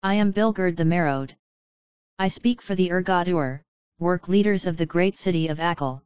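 A woman's voice: lowish voice, moderate pace, darkish tone, smooth, dry recording, lo-fi sound, lightly acted. A woman voicing a small, proud, bitter male goblin leader who gives a grand speech in a raw, emotional voice.

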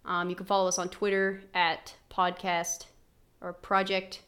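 A woman's voice: on the low side, completely flat delivery, unhurried, fairly bright tone. A young adult woman with a West Virginian accent, co-hosting a casual podcast, chatty and giggly as she tells loose stories. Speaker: podcast co-host.

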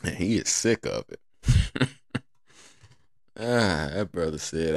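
A man's voice: low voice, animated, slow, long pauses, no echo. A man in a casual, joking solo monologue who laughs at his own jokes and acts out other people's lines.

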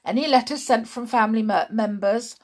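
A woman's voice: a little high, fairly quick, a little mellow, lightly acted. A woman reading aloud, voicing a cruel, boastful male headmaster who cackles about his power. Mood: gloating.

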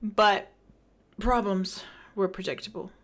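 Young female co-host, slow and bright-toned, jokey and chatty. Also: medium pitch, steady tone. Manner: laughs easily, jokes and backs up her co-host. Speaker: podcast co-host. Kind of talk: casual gaming news chat.

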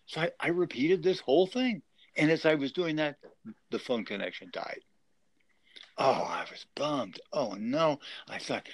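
A man's voice: mid-range voice, expressive, a little slow, no room sound. A man in his sixties earnestly telling a personal survival story as an interview guest. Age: 60s. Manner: earnest, emotional retelling.

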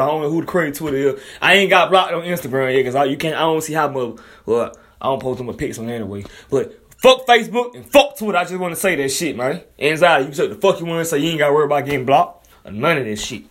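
A young man from Alabama with a Southern accent, freestyling casual, profane commentary, swinging between loud outbursts and low mutters and repeating himself. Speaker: vlogger commenting on news.

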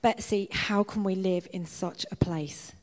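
A woman's voice: mid-range voice, steady tone, measured pace, lightly acted. A woman reading aloud as a frightened young woman prisoner, doubting and reluctant. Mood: distressed. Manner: wailing, reluctant. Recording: long church reverb.

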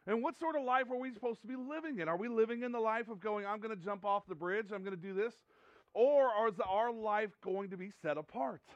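Earnest high-voiced male pastor preaching. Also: a bit bright, no echo. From United States. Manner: earnest and conversational, with frequent repetitions and restarts. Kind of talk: sermon.

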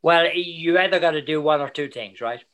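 Older Irish male guest, bright, chatty storyteller, anecdotes. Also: fairly high pitch. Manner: chatty storyteller, animated, quick asides. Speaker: guest soccer commentator. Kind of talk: casual interview chat.

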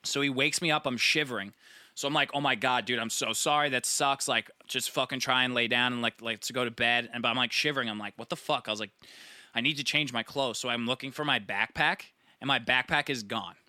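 Young man, casual chat, bright ringing voice, dry close sound, swears a lot. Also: mid-range voice, fairly quick, dry recording. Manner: rambling, profane, animated storytelling; acts out friends' voices.

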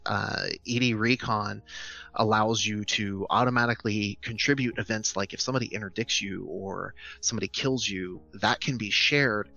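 A man's voice: fairly low pitch, creaky, sharp tone, lo-fi sound. A man co-hosting a casual podcast, enthusiastically explaining tools step by step. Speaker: podcast co-host presenting game news.

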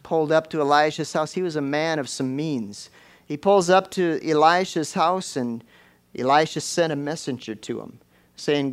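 A man's voice: fairly high pitch, normal speed, clear, resonant tone. A man preaches in a folksy, conversational way, sprinkling his talk with "you know" as he explains the story. He swells into fervent, ringing declarations when he drives a point home. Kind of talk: sermon.

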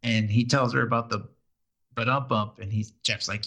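A man's voice: mid-range voice, steady tone, moderate pace, gravelly, bright, forceful tone. A man co-hosting a podcast, casually recapping a TV episode in a rambling way with lots of fillers and restarts. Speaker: podcast co-host.

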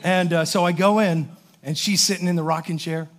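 A male pastor preaches with a high, light voice. He tells his stories in an animated way, acting out the other people's lines and filling his talk with "like" and "um". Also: brisk. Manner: animated storyteller, acts out voices, many fillers. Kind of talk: sermon with storytelling.

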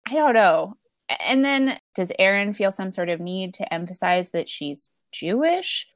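A woman's voice: mid-range voice, sing-song, unhurried, dry recording, clean studio sound. A woman in a casual film discussion, speaking bluntly and critically, sometimes swearing.

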